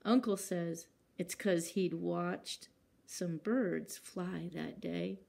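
A woman's voice: lowish voice, fairly even intonation, extremely slow, vocal fry, dark tone. A woman librarian reading picture books aloud at children's story time, acting out sound words and stopping to ask the children questions.

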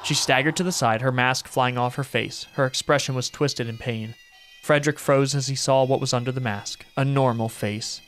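A man's voice: medium pitch, fairly even intonation, normal speed, fairly bright tone, faint music behind. Man reading a horror game aloud. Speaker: gaming streamer.

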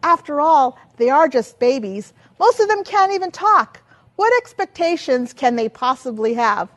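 An older woman giving a lively teaching talk as a children's ministry trainer, asking many rhetorical questions. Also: high-pitched, normal speed.

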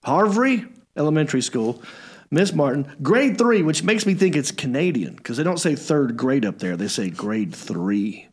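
Lively joking male host. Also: a little high, normal speed, breathy edge. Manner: animated, joking, teasing. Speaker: show host. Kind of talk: casual comedic chat.

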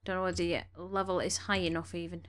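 A woman's voice: fairly low pitch, flat delivery, quick pace, fairly bright tone. A woman giving casual gameplay commentary, chatting along and bossing her game characters around, a little snuffly from allergies. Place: home room.

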